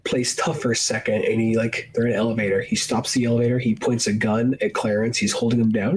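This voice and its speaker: A man's voice: fairly low pitch, fairly even intonation, quick pace, a little mellow, a little hiss or hum, rough recording. A man co-hosting a podcast, chatting casually and at length about a film, often acting out lines from it in a raised voice. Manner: rambling, acts out movie lines in raised voices. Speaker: podcast co-host. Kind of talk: casual film review chat.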